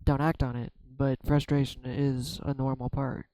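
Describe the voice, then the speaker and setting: Halting, mellow-voiced man reading tarot. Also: mid-range voice, level tone, no room sound, poor audio. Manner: halting, self-searching, many restarts. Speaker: tarot reader. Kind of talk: reflective solo tarot vlog.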